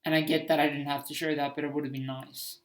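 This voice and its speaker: A man's voice: fairly high pitch, flat delivery, fast talker. A man giving casual commentary on his own homemade film, hesitant and self-critical, with many restarts.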